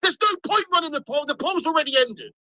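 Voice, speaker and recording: A man rants angrily through a live football watch-along, swearing at every turn. His voice sits high and sounds sharp and bright. The sound is dry and close. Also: fast talker, no echo, low-quality recording. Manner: angry, swearing rant. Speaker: football fan streamer.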